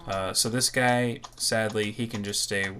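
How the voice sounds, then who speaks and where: A man hosting a gaming channel, talking through gameplay in a relaxed, rambling way, with a low morning voice. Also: measured pace, a little hiss or hum. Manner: relaxed, rambling, thinks aloud. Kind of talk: casual gameplay commentary.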